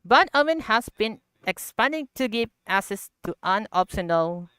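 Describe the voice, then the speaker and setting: A woman streaming a block-building game, talking through the update in slow, halting English with frequent laughter. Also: mid-range voice, lively intonation, fairly bright tone, smooth, no room sound. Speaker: gaming livestreamer. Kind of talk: casual game commentary.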